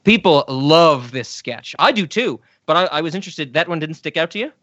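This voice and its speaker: Man co-hosting, slightly high voice, enthusiastic, dry dull recording. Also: lively intonation, fairly quick, a bit bright, no echo. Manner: enthusiastic, agreeable, frequent backchannels. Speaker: podcast co-host. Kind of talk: casual chat reviewing sketches.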